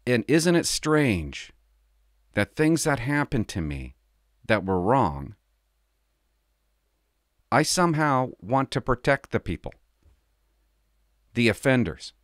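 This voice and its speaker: A man's voice: medium pitch, very animated, slow, long pauses, no room sound, clean studio sound. A middle-aged man from Canada, a former police officer, talking casually and confidingly on his podcast, rambling and laughing as he tells stories.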